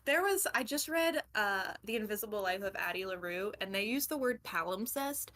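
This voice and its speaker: A woman's voice: mid-range voice, animated, normal speed, fairly bright tone. Young woman, book club co-host, casual rambling chat, laughs and swears freely. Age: young adult.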